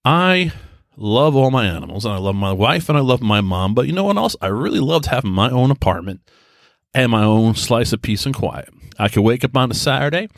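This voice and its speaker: A man's voice: medium pitch, big pitch swings, fairly quick, vocal fry, dry recording, clean studio sound. A man in his thirties hosting a solo casual podcast from home, rambling and self-deprecating with many restarts. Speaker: podcast host. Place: quiet home.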